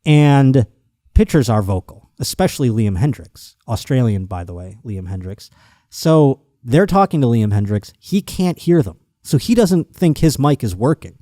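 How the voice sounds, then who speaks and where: A man hosting a podcast, telling a story in a casual, animated and profane comic monologue. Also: mid-range voice, a little fast, no room sound, studio quality. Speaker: podcast host.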